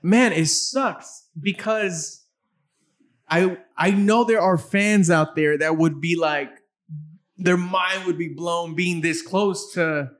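Halting man hosting an interview. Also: high voice, fairly bright tone. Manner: halting, repeats words often. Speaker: interview host. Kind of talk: casual interview chat.

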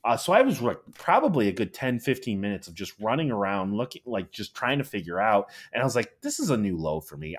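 Man, casual co-host, rambling storyteller, animated pitch. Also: fairly quick, few pauses. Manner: rambling, heavy use of "like", lively storytelling. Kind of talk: casual chat about video games.

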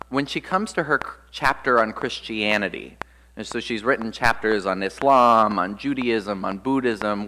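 A man, an Episcopal priest, preaching a sermon in a relaxed, thoughtful way, often pausing with "uh" and "um". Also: on the low side, a little hiss or hum. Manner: conversational and reflective, with frequent "uh" and "um". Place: church. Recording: long church reverb.

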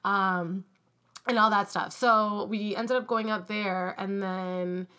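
A woman's voice: medium pitch, fairly even intonation, slow pace, sharp tone, smooth. A young woman chatting casually as a podcast co-host, rambling with lots of "like" and "um". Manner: rambling, heavy use of "like" and "um". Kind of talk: casual chat.

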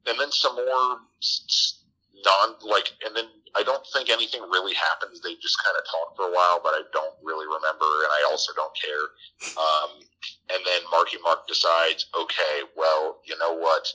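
Low-voiced man with a sharp, bright edge. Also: fairly even intonation, normal speed, rough recording. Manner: rambling, profane, jumps into squeaky character voices. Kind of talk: casual comic movie recap.

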